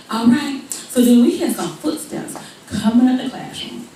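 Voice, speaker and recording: A woman's voice: normal speed, a little hiss or hum. A woman comedian telling a story on stage, acting out the people in it. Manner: animated, acts out characters with big pitch jumps. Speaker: stand-up comedian. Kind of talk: stand-up storytelling. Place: live comedy venue. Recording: echoey room, mic far off, faint ambience.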